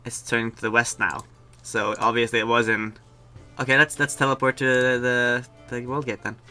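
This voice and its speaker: A man's voice: medium pitch, level tone, normal speed, pushed and bright, soft background music. A young man giving casual, jokey gameplay commentary as a streamer, chatting with his viewers. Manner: chatty, jokey, talks to chat. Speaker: game streamer.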